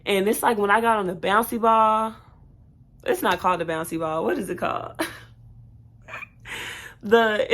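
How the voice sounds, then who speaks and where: A woman's voice: mid-range voice, normal speed, pauses often, fairly bright tone. A young woman telling her own birth story in a casual storytime vlog, candid and chatty, with fillers and self-corrections.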